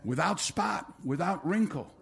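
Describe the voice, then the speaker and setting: A male pastor delivers a sermon, his voice a little higher than most men's. He swings between rising, loud calls and hushed, low appeals, acting out quotes as he leads toward an altar call. Soft instrumental music plays faintly behind him. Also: lively intonation, measured pace, vocal fry.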